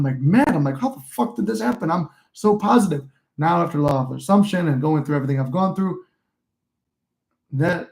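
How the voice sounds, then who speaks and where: A man's voice: a little high, darkish tone. Profane young man rambling casually. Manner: profane, rambling storytelling, reads chat aloud. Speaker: livestream host. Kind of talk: casual livestream chat.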